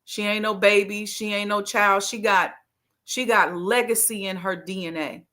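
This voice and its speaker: A middle-aged woman delivers a motivational sermon with a bright, forceful tone. She talks to her listeners casually and repeats her main points for emphasis. Her pitch sits in the ordinary middle for a woman. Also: fairly even intonation, moderate pace. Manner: emphatic, repeats key phrases, folksy call-and-response. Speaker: speaker leading a Ramadan gathering.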